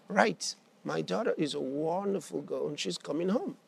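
A man's voice: fairly high pitch, normal speed, vocal fry, darkish tone, husky. A man preaching a sermon, telling a story and acting out its characters' lines, repeating phrases for emphasis.

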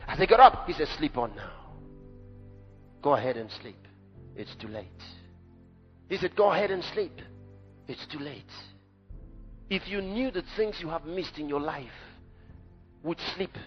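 A man preaching a sermon to brothers and sisters, emphatic, swinging from shouts to low, quiet drops. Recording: muffled, long hall reverb, faint music.

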